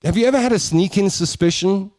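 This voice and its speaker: A man's voice: high-pitched, fairly quick, darkish tone, dry recording. A man hosting a radio show, chatting in studio banter and whining theatrically for laughs.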